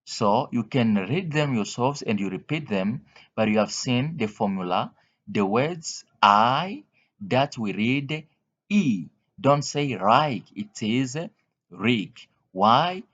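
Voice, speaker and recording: A man's voice: medium pitch, animated, fairly bright tone. A man teaching English pronunciation, reading word lists aloud one word at a time and explaining the spelling rules. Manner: slow, deliberate drilling of single words. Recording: dull lo-fi recording.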